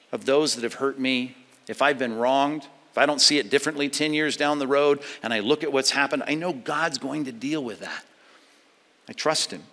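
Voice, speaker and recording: A man preaching a sermon as pastor, moving between loud emphatic passages and hushed, low ones. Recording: long hall reverb.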